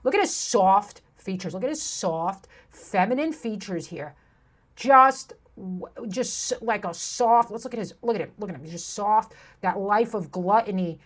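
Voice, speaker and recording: A woman's voice: mid-range voice, lively intonation, normal speed. A woman hosting a commentary video, ranting in an abrasive, insulting, sarcastic way from a room with a plain wall. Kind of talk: ranting commentary over clips.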